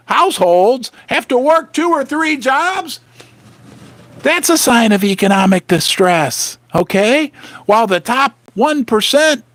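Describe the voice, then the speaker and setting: A man hosts a livestream, delivering sarcastic, emphatic commentary as he reads the news aloud. His voice sits high and jumps around a lot, and it is recorded dry and close with no room sound. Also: a bit bright, dry recording. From United States. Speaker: host.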